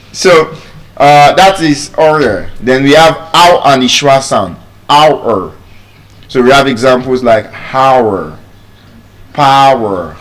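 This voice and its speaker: A Nigerian man coaches English pronunciation at an unhurried pace. He says each word several times so it sinks in. His voice sits at an ordinary middle pitch. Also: a bit bright. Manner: slow, deliberate, repeats words for drill. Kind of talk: spoken English lesson.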